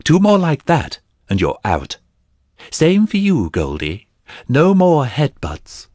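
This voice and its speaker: A man's voice: on the low side, lively intonation, takes it slowly, darkish tone, breathy edge, no echo, clean studio sound, full character voice. A man voicing a stern male priest who barks rulings and warnings at duelling fighters in an audiobook.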